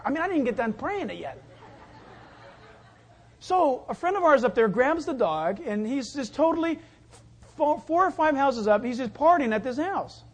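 Speaking in a very high, sing-song voice at a moderate pace with long pauses, a male pastor preaches through chatty stories. He performs the characters' voices as he tells them.

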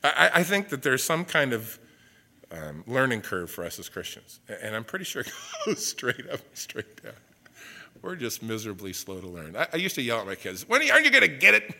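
Male pastor, animated sermon, bright tense tone, acts out quotes. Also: on the low side, moderate pace. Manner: animated preaching with asides and acted-out quotes.

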